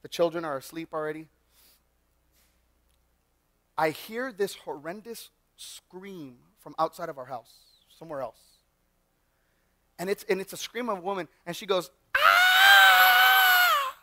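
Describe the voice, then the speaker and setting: A male pastor giving a sermon in a church, telling personal stories in an animated way and often restarting his sentences. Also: fairly high pitch, moderate pace, no echo. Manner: animated storyteller with frequent restarts. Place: church sanctuary.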